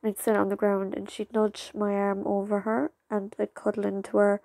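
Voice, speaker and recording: A young woman talking casually to her channel's viewers, rambling and halting with many fillers, close to tears. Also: medium pitch, completely flat delivery, vocal fry, dark tone, dry recording. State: fighting back tears. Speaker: channel creator. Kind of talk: casual vlog talk to viewers.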